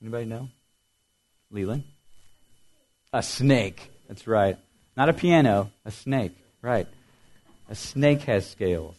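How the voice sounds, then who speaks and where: A middle-aged man pastor preaching a sermon, explaining things clearly and quizzing the children with riddles. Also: on the low side, slow pace, long pauses, a little mellow.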